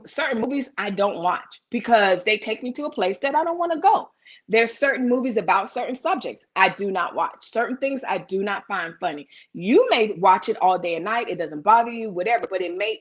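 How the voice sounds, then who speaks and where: A woman hosts a live chat and speaks with blunt energy, addressing her viewers directly. Her voice sits at a middle pitch for a woman. She answers viewer comments as they arrive. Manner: blunt, animated, talks straight to viewers. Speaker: host of a live chat show.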